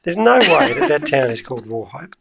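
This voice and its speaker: A man's voice: on the high side, sing-song, fairly quick, gravelly, a bit bright. A man co-hosting a podcast, teasing and playful in casual chat. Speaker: podcast co-host.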